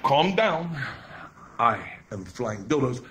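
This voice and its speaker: A man voicing a tall, stern woman, speaking in a clipped, commanding way over loud noise. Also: medium pitch, big pitch swings, slow, pitched below the performer's own voice.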